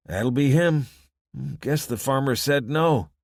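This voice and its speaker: A man's voice: mid-range voice, slow pace, dry recording, clean studio sound, pitched above the performer's own voice, close to an everyday voice. Brief: wary male mechanic, folksy rural talk, grim and blunt, as a male narrator puts him on.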